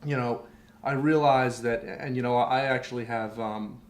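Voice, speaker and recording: As a guest on a podcast, a young adult man rambles candidly through a personal story, leaning on lots of fillers. His medium-pitched voice stays steady at a moderate pace, captured with roomy echo and faint background noise.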